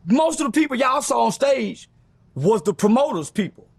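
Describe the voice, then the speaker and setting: A middle-aged interview guest recounts a story in a very high-pitched, very animated voice that's creaky with a breathy edge, recorded with no room sound. He tells it quickly, bluntly and profanely, acting out other people's lines.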